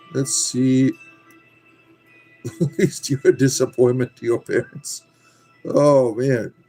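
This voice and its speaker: A man's voice: medium pitch, mellow. A man hosting a livestream, reading and answering viewer comments bluntly and sarcastically, cursing freely. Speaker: livestream host reading chat. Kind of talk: casual livestream chat.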